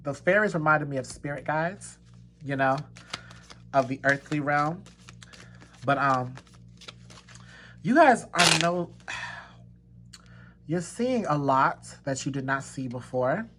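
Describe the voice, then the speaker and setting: A man gives viewers a pick-a-card tarot reading slowly, pausing often, his somewhat high voice sharp-toned with lively intonation. He emphatically repeats reassurances and breaks into laughter and exclamations over slight background noise.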